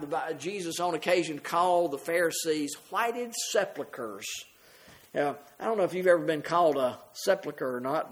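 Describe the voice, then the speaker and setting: High voiced preacher guy reading bible verses then explaining, gets louder on the verses, trails off soft. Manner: reads scripture aloud and explains it, addresses the congregation; rises in pitch and volume on scripture, drops soft and slow at phrase ends. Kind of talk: sermon.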